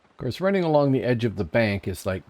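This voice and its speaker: A fast-talking man with a mid-range, slightly mellow voice swings widely in pitch. He streams an online game, chatting casually, reading viewer comments, and thinking aloud as he plays.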